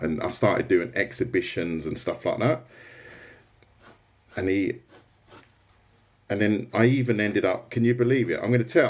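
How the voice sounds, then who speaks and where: Chatty man, lowish voice. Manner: rambling, chatty, answers viewer comments. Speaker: artist livestreamer. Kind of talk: casual livestream chat while drawing.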